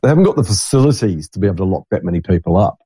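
Middle-aged man, lowish mellow voice, rambling blunt monologue, dry close sound. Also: expressive, rapid-fire, slightly rough, no room sound. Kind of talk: casual monologue.

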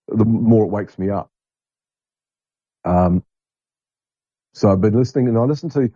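A man's voice: on the low side, mellow, slightly rough, dry recording. A middle-aged man hosting a podcast, talking in a blunt, rambling monologue and swearing freely. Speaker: podcast host. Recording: dull lo-fi dry recording.

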